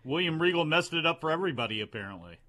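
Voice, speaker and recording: Man co-host, lively bright voice, dry wry remarks, relaxed banter. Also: a little high, rapid-fire. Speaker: wrestling show co-host. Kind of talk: casual podcast chat.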